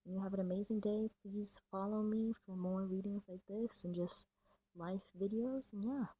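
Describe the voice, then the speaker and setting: A woman's voice: medium pitch, steady tone, moderate pace, warm tone, husky, poor audio. A woman giving a casual, chatty tarot reading to camera, full of fillers and a little out of breath. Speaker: tarot reader.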